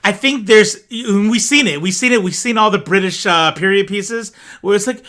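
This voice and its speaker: Very bright, high-voiced laughing man. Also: moderate pace. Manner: animated, laughs often, acts out quotes. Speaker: podcast co-host. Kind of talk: casual podcast chat.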